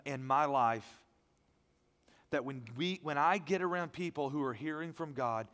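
Man preaching in an echoing hall. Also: medium pitch. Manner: emphatic preaching, swinging from loud to hushed. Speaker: pastor. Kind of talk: sermon. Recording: long reverb of a large hall.

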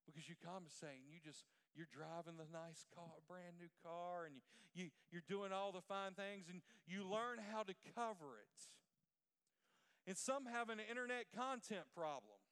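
A man's voice: high voice, moderate pace, fairly bright tone, clean tone, big-room sound. A middle-aged man preaching a sermon as pastor, asking the congregation questions and waiting for the answer. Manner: preaching with call-and-response questions.

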